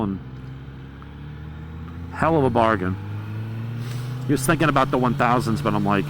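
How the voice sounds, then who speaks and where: A man, a motorcycle vlogger, chatting bluntly and profanely with rambling stories while riding outdoors on a helmet mic. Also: mid-range voice. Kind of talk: casual chat while riding. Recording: loud wind and road noise.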